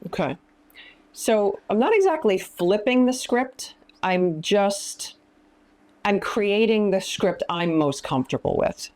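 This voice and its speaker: A woman's voice: medium pitch, animated, takes it slowly, darkish tone. A woman counselor and minister teaching in an interview, speaking emphatically and giving practical advice. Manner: emphatic, often acting out quoted lines.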